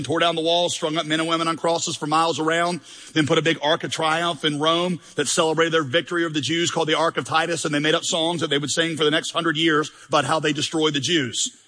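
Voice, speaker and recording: A man's voice: a little high, steady tone, fast talker, sharp tone, in a large hall. A male pastor preaching a sermon in a conversational, humorous, emphatic way with many rhetorical questions.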